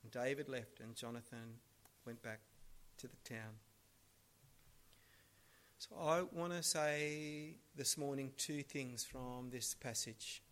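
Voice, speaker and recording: Animated male preacher telling a story. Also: medium pitch, takes it slowly, pauses often. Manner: animated storytelling, swings between hushed and loud. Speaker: pastor. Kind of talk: sermon.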